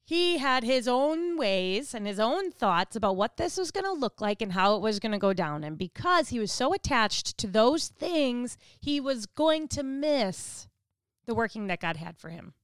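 Smooth-voiced woman giving a devotional talk. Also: a little high, very animated, normal speed, dry recording, clean studio sound. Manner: conversational, asks listeners direct questions. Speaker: devotional speaker. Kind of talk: devotional teaching.

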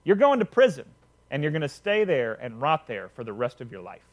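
A man's voice: mid-range voice, big pitch swings, a little fast, pitched below the performer's own voice, close to an everyday voice. A man voicing a wealthy, stern king in a retold parable, demanding and outraged.

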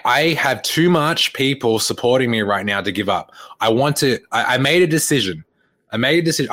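A young man, a fitness coach, tells a personal story in a relaxed, chatty way. His voice sits a little low, and he slips into the voices of the people he quotes and breaks into laughter now and then. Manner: animated retelling, acts out quoted dialogue, laughs often. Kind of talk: casual storytelling.

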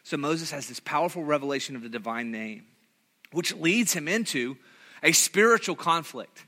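A man preaching a sermon, telling a story with lively delivery and acting out quoted voices, with many restarts. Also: on the high side, moderate pace. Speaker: pastor.

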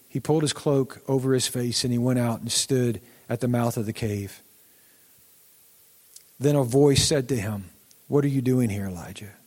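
A man pastor with a fairly high voice, preaching in a loose, chatty way and slipping into the voices of the Bible figures. His voice rings out with a long reverb like a big hall. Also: darkish tone. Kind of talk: sermon.

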